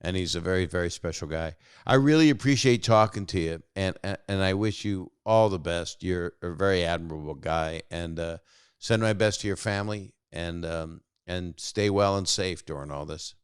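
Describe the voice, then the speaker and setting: A low-voiced man in his sixties speaks at a moderate pace with a clean tone on a dry, studio-quality recording. Hosting a call-in show, he talks casually with callers and tells meandering stories, often breaking off mid-thought.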